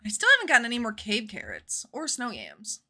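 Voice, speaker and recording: A woman chats casually on a live gaming stream, bubbly and animated, and swears without a second thought. Her voice sits a bit high and swings widely in pitch. Its tone is very bright and sharp. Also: fairly quick.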